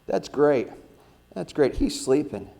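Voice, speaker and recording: A man preaching a sermon as pastor, talking in a casual style with lots of rhetorical questions, turning loud and then quiet. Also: a little high, huge pitch swings, takes it slowly, gravelly. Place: church sanctuary.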